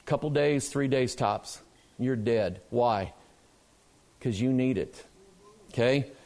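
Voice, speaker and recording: A man's voice: medium pitch, takes it slowly, darkish tone. A man preaching a sermon in a church, asking the congregation questions and answering them himself with emphasis.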